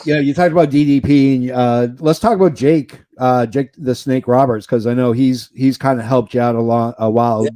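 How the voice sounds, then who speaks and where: A male podcast host asking questions in a relaxed, casual way, filling pauses with "uh.". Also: medium pitch. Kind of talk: casual interview.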